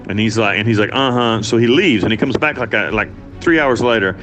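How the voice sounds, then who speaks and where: A man's voice: lowish voice, brisk, a bit bright, soft background music. A man from the United States telling his story as an interview guest, blunt and profane, rambling with restarts. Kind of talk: candid storytelling.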